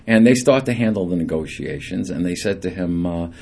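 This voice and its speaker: A middle-aged singer appearing as a guest on a radio show tells lively anecdotes, acting out the people in them. His voice is low-pitched with a breathy edge, and he speaks a little fast.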